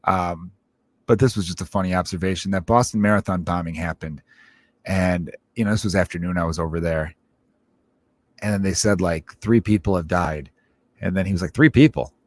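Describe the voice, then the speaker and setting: A man's voice: low voice, steady tone, a little fast, no room sound. A man in his thirties, a comedian hosting a podcast, telling a candid, profane personal story that mixes grief with jokes. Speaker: podcast host; stand-up comedian.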